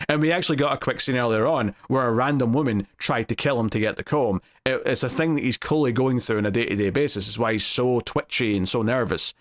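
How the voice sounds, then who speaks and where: A man's voice: mid-range voice, lively intonation, fast, hardly any pauses. A young man reviewing a TV episode in casual solo talk, rambling with lots of restarts and fillers.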